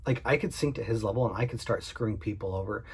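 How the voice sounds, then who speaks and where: Husky earnest man talking to camera. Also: on the low side, fast talker. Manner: earnest, candid, repeats points for emphasis. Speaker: small business owner. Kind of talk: direct-to-camera vlog monologue.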